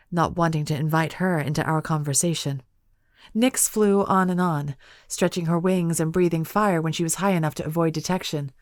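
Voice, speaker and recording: Low-voiced woman narrating an audiobook. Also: dry recording, studio quality. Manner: measured, expressive storytelling.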